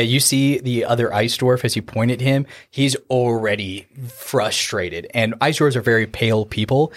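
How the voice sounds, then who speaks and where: A man's voice: mid-range voice, dry recording, clean studio sound. Man narrating as game master.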